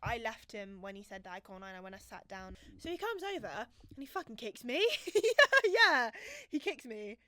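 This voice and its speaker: Bright-voiced woman telling stories. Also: on the high side, very animated, normal speed, few pauses, dry recording. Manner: sarcastic, laughs often. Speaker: podcast co-host. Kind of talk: casual chat, storytelling.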